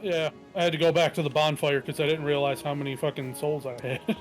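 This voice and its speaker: A man's voice: fairly high pitch, little pitch movement, fairly quick, faint music behind. A man chatting casually as a teammate in a co-op game, laid-back and swearing now and then. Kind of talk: casual gaming chat.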